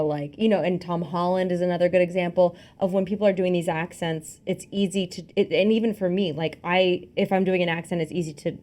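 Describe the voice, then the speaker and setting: A young woman co-hosting a podcast, chatting casually about a film and acting out lines she quotes. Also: fairly low pitch. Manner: chatty, animated, acts out quotes. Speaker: podcast co-host.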